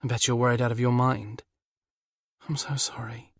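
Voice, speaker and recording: A man voicing a frightened young woman who speaks softly and apologetically. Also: medium pitch, level tone, quick pace, dry recording, studio quality, close to an everyday voice. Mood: scared. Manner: soft, hushed.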